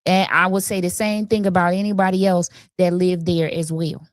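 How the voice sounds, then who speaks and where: A woman's voice: fairly low pitch, flat delivery, normal speed, dry recording, clean studio sound. A woman hosting a livestream, commenting bluntly and casually on a city council meeting. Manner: blunt, conversational, opinionated. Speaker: livestream host.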